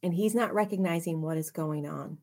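A woman leading a casual Bible study, reading scripture aloud with expressive emphasis and chatty asides. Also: on the low side, fairly quick. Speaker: Bible teacher.

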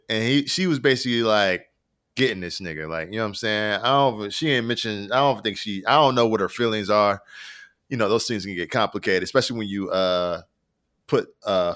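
A man's voice: mid-range voice, a bit bright. A man co-hosting a podcast, telling long stories in a rambling, slangy, profane way. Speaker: podcast co-host. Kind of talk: casual podcast chat.

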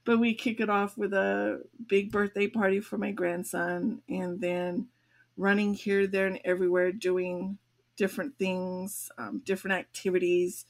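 A woman's voice: mid-range voice, flat delivery, a little slow, creaky. An older woman hosting a podcast, talking in a chatty, rambling way with fillers and restarts. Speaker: podcast host. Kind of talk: casual chat.

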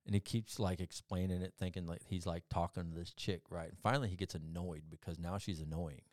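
A man's voice: deep voice, steady tone, a little fast, darkish tone, no echo, studio quality. A man, a podcast guest, telling rambling stories in casual talk, swearing often and acting out the people he quotes. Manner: profane, rambling, with restarts; acts out quoted people with big jumps in voice. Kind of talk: casual storytelling.

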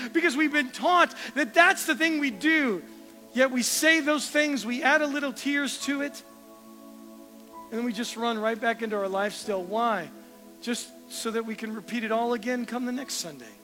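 A man preaching a sermon in a very high, bright, forceful voice. He presses the listener with questions, then drops low and quiet to land a point. Soft music plays behind him. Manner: earnest, questioning, dropping to a soft hush for emphasis.

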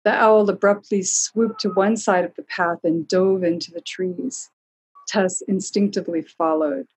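A woman reading a storybook aloud in a calm, measured way. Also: medium pitch, slightly rough, rough recording. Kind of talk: storybook narration.

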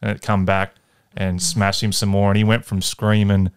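This podcast co-host is a man with a fairly low, flat voice at normal speed and a clean tone. He rambles through a grim story, joking as he goes and acting out the quotes.

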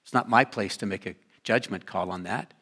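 An older man, a pastor, giving a sermon in a conversational, lively way with joking asides. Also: fairly low pitch, brisk, husky.

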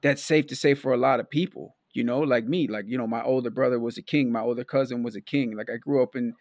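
A man's voice: mid-range voice, steady tone, fast talker, darkish tone, no room sound, clean studio sound. A man hosting a podcast interview in casual chat, rambling with many restarts and saying "bro". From Milwaukee. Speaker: podcast host.

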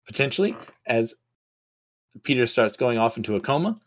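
A man's voice: medium pitch, very animated, moderate pace. Chatty man casually recapping comics. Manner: chatty, self-deprecating, many fillers. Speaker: comic book podcast host.

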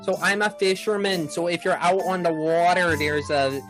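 An easygoing village fisherman who drawls and rambles, losing track of his own stories, as a game master puts him on. His voice sits at a middle pitch. Light music plays faintly behind him in this tabletop game. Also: fairly even intonation, normal speed, close to an everyday voice. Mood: folksy. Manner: drawling, rambling, loses his train of thought.

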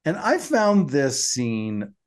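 A man's voice: medium pitch, huge pitch swings, slow pace. A man co-hosting a podcast, casually recapping an episode and retelling scenes in detail. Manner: retells scenes in detail, quoting lines in character voices. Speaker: podcast co-host.

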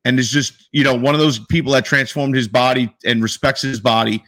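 Steady in tone and brisk in pace, this medium-pitched, slightly bright male voice belongs to a sports podcast co-host from around New York. He talks loosely and animatedly, cursing without restraint.

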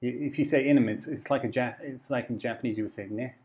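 A man's voice: mid-range voice, fast talker, darkish tone. A man from Devon, England, talking as an interview guest in a thoughtful, rambling way with lots of fillers and restarts. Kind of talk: casual interview chat.

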